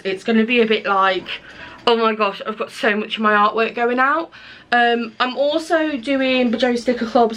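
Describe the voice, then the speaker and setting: A woman's voice: a little high, a bit bright. Chatty woman vlogging. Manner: chatty, rambling, self-interrupting. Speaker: small business owner and illustrator vlogging. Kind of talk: casual chat to camera. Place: small indoor craft studio.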